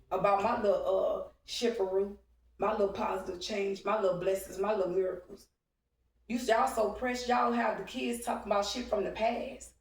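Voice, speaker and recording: A woman in her forties with a drawl, ranting bluntly and profanely. Her voice rings around a roomy space and sits a little back from the mic, so it sounds slightly distant. She keeps an emphatic, confrontational edge throughout. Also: a little high. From Texas. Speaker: vlogger. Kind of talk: heated monologue to camera. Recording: roomy echo, speaking from away from the mic.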